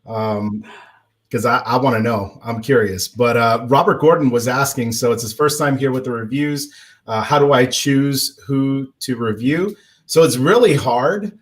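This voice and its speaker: A man's voice: medium pitch, unhurried. Male live-stream host, casual, playful, filler-heavy, talks to a guest and the chat. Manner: jokey, upbeat, filler-heavy.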